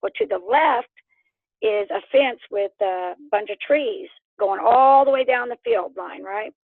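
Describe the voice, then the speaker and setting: Animated woman telling a tale over the phone. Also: a little high, unhurried, gravelly, dry recording. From Oklahoma. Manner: animated, laughs often, acts out quotes. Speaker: interview guest. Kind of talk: casual storytelling. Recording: tinny phone line.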